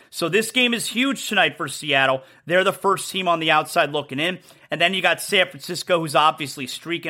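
High bright-voiced guy doing sports talk, fired up and opinionated, faint music under. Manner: fast, animated, opinionated rambling. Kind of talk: solo sports talk show.

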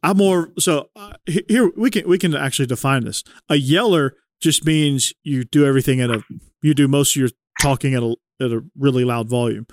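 A man in an easygoing chat, laying out his ideas step by step with plenty of fillers along the way. His voice is mid-pitched and ordinary. The recording is dry, with little room sound. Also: brisk, no echo. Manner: explanatory, filler-heavy. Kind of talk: casual chat.

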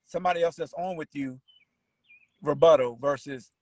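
A man's voice: on the high side, normal speed, dry recording. A man co-hosting a podcast, teasing and cutting in with profane comedic banter. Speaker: podcast co-host.

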